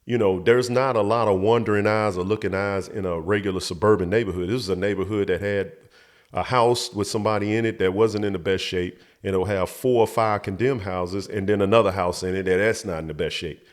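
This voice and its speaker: Man with a low voice, emotional personal storyteller, acts out the people he quotes. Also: fairly even intonation, a little fast. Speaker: show host telling a childhood story.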